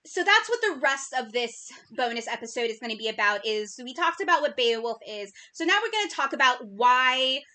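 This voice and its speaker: A woman's voice: high-pitched, big pitch swings, fairly quick, few pauses, bright, forceful tone. A woman co-hosting a podcast in casual chat, bubbly and talkative, sometimes tripping over her words. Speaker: podcast co-host.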